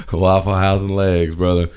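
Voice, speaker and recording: A man's voice: deep voice, flat delivery, unhurried, a little mellow, smooth. A man, telling a story in casual chat, swearing freely and acting out voices.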